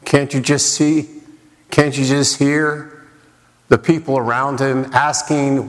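A man's voice: mid-range voice, little pitch movement, takes it slowly. A man preaching a sermon in a dramatic way, with rhetorical questions and repeated lines for emphasis. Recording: long reverb of a large hall.

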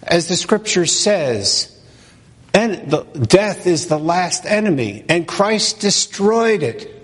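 A man preaching a sermon as pastor, slow and emphatic, asking and answering his own questions. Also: high voice, big pitch swings, breathy edge. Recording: long reverb of a large hall.

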